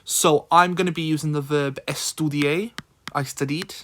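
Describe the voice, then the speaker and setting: A man's voice: fairly high pitch, steady tone, moderate pace, background noise. A man tutoring in a casual screen-recorded lesson, thinking aloud with frequent ums.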